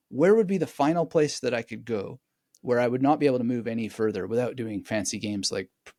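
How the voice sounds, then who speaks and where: Animated man explaining with frequent laughs. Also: mid-range voice, no room sound, studio quality. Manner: animated, digressive, laughs often. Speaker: guest memory expert. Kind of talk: conversational interview explanation.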